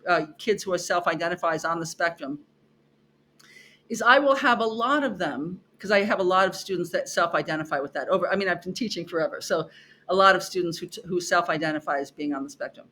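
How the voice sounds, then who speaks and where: A middle-aged woman speaks as a podcast guest in a clear, bright voice. She tells stories about her classes with lively expression, slips into her students' voices and repeats lines for emphasis. A faint hiss of noise sits under her words. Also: fairly low pitch, quick pace. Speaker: podcast guest, psychology professor. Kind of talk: animated conversational storytelling.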